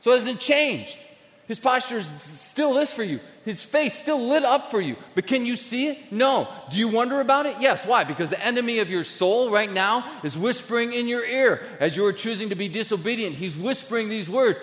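A man preaching a sermon to a crowd, with a volunteer on stage, talking directly and animatedly, going from quiet asides to emphatic declarations. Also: extremely high pitch, animated, normal speed. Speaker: pastor. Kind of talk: sermon with live demonstration. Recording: long hall reverb.

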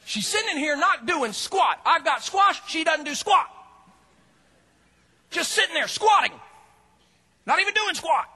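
A man voicing a frantic, overworked woman who complains shrilly and shouts. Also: extremely high pitch, very animated, extremely slow, long pauses, in a large hall, voice pushed up, exaggerated voice. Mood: indignant.

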